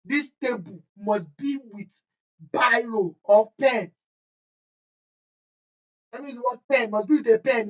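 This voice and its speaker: Emphatic woman teacher, lo-fi. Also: fairly high pitch. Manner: emphatic, scolding, repeats key points. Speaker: chemistry teacher. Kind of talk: exam-prep lesson, screen-share walkthrough.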